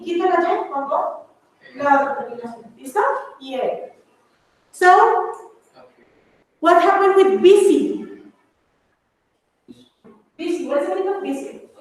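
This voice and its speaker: High-voiced woman teaching grammar, echoey. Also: darkish tone. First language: Spanish. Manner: switches between English and Spanish, calls students babies. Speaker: English teacher. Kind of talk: classroom grammar lesson. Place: classroom. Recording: echoey room, far from mic, faint noise.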